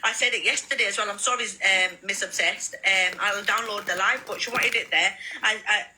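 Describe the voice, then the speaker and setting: A woman's voice: mid-range voice, moderate pace, pushed and bright. A woman venting on a live stream, defensive and swearing, stumbling over her words with ums and restarts. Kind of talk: heated live stream rant. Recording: noisy live stream audio.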